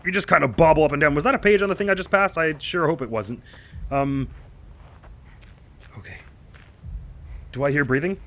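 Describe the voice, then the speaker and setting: A man's voice: on the high side, moderate pace, pauses often, a bit bright. A man commentating a horror game let's play, rambling and self-mocking, getting panicky and mumbly when spooked. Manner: rambling and self-mocking, jittery with nervous asides. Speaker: gaming channel host.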